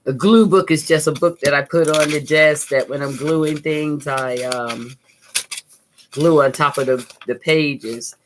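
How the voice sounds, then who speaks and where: A woman's voice: sits low, measured pace, background noise. Chatty middle-aged woman teaching crafts. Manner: chatty, upbeat, talks to viewers as she works. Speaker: art teacher, channel host. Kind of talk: live-streamed craft tutorial. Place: home craft desk, indoors.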